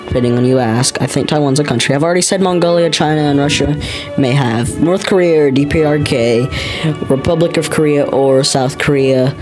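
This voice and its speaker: A man's voice: a little high, a little fast, music in the background, low-quality recording. A man from the United States talking casually as he names countries on a map, unsure and thinking aloud, often repeating names to himself. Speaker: geography vlogger. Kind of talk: casual commentary while labeling a map.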